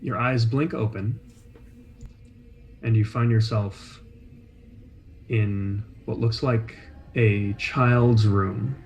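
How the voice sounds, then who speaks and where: A man narrating a tabletop game as game master, describing scenes in a measured, atmospheric way. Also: lowish voice, steady tone, darkish tone, slight background noise, poor audio. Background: faint soundtrack music.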